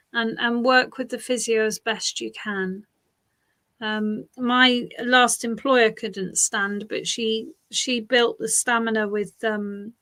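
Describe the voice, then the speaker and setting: Woman, psychic reader, bright forward tone, gentle reassuring delivery, soft repeats. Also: a little high. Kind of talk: live psychic reading.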